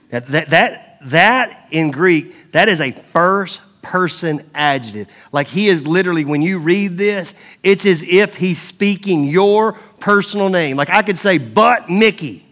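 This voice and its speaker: Man, middle-aged pastor, sermon, lively storytelling preaching, fairly high voice. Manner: animated, conversational preaching with storytelling asides.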